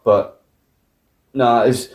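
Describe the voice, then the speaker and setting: A Scottish man co-hosting a film review podcast, retelling scenes in an animated, sweary way. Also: mid-range voice, drawn-out words. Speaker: podcast co-host. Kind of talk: casual film review chat. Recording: roomy echo.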